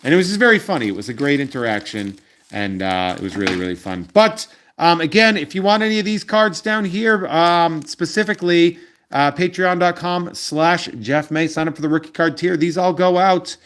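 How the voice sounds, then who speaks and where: A man's voice: a little high, steady tone, normal speed, a bit bright. A man in his forties hosting a card collecting channel, chatting casually to viewers in a rambling way, with many ums and uhs. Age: 40s.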